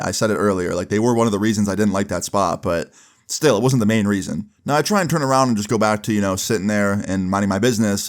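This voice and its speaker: A young man with a fairly low voice recounts a story in a casual, conversational way. His delivery is loose and unhurried, peppered with fillers and the odd curse word. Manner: relaxed, swears casually, fillers like "like" and "you know". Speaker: storyteller vlogger.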